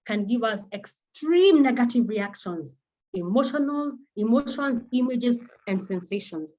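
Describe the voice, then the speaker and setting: A Kenyan woman psychotherapist, a native Kimeru speaker, giving an animated and earnest talk built around personal stories. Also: on the high side, lo-fi sound. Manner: animated, acts out quoted voices, earnest.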